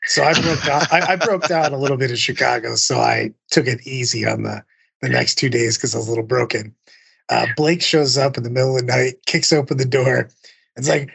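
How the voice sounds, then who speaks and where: A man's voice: mid-range voice, fairly even intonation, fairly quick, gravelly, a bit bright, breathy edge. A man co-hosting a gaming podcast who cracks jokes and tells stories about his fellow players. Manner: wisecracking storyteller. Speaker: co-host. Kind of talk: casual podcast banter.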